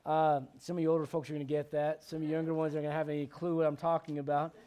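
A middle-aged man pastor preaching a midweek Bible study sermon, animated and conversational, with joking asides to the congregation. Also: clear, resonant tone. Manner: animated preaching, bursts of high-pitched emphasis, quick asides.

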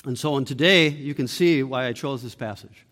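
A man preaching a sermon as pastor, emphatic, rising to loud peaks and dropping to hushed low lines. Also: moderate pace. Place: church sanctuary. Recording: long reverb of a church hall.

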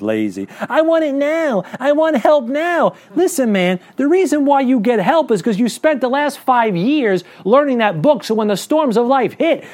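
Male pastor, high and animated voice, casual preaching with rhetorical questions. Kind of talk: sermon.

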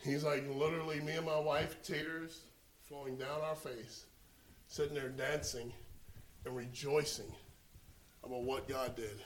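A man preaching a sermon, telling a story and swinging from hushed, slow lines to loud exclamations. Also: a little high, fairly even intonation, reverberant, slight background noise, poor audio.

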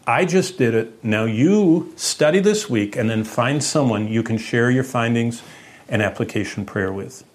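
In no hurry, a male pastor preaches an earnest teaching sermon. His delivery is animated, with marked changes in pitch and loudness.

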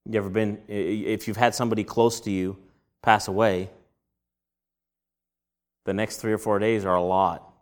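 A man preaching a sermon, asking rhetorical questions and answering them himself, and breaking into animated acted-out voices. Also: moderate pace, long pauses. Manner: acts out quoted voices with big jumps in pitch and loudness.

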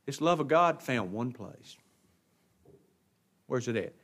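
A man preaching a sermon, asking rhetorical questions and answering them, swinging from hushed drops to emphatic bursts. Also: medium pitch, expressive, slow.

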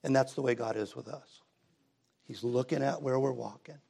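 A man's voice: medium pitch, fairly even intonation, normal speed, vocal fry, mellow, slightly rough. A middle-aged man preaching a sermon in a church, easygoing and conversational, rising to emphatic passages. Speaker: pastor. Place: church sanctuary.

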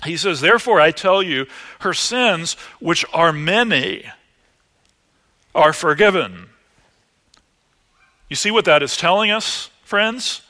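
A man preaching a sermon, moving between loud emphatic lines and hushed, quieter asides. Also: sits high, slow pace, pauses often. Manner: animated, rising to loud emphasis then dropping to hushed asides.

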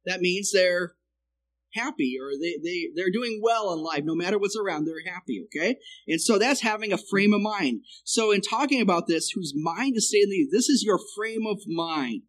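A man preaching a sermon who explains the Hebrew text and keeps checking in with "okay?", his loudness rising and falling. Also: high voice, expressive, moderate pace, poor audio.

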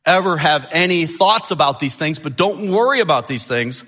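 A man's voice: on the high side, lively intonation, moderate pace, hardly any pauses, fairly bright tone. A male pastor preaching a sermon with emphasis, repeating key phrases.

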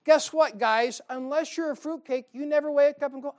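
A male pastor preaching a sermon to a church congregation, joking and calling out "Amen?", swinging between loud and quiet. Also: extremely high pitch, normal speed. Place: church service.

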